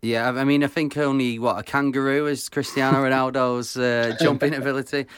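A man's voice: mid-range voice, fairly even intonation, fairly quick, fairly bright tone, clear, resonant tone, dry recording. A man hosting a casual interview, asking questions in a friendly, conversational way. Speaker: host.

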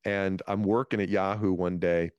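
A man in his fifties, a comedian guest, telling stories from his career in a lively interview. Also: low voice, normal speed, clean tone, no room sound, highs cut off. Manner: animated storyteller, restarts phrases. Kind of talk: storytelling interview talk.

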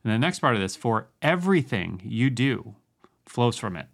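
A man co-hosting a casual podcast, slowing down to stress scripture quotes and rambling easily in between. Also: mid-range voice, vocal fry. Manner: slow, emphatic when quoting scripture; relaxed, rambling. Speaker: podcast co-host.

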